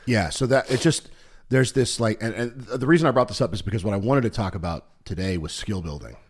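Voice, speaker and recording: A man co-hosting a podcast in casual chat, rambling with many fillers and restarts, and getting animated as he retells a story. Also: fairly low pitch, quick pace, slightly rough. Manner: animated when retelling stories. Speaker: podcast co-host.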